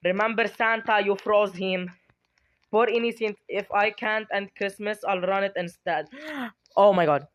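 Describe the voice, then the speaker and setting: Giggly, excitable gameplay streamer. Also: medium pitch, unhurried. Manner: giggly, dramatic self-talk, squeals.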